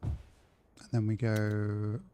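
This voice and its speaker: A man's voice: on the low side, monotone, very slow, warm tone, a little hiss or hum. A man live-streaming a city-building game, chatting casually and rambling to his chat while he plays.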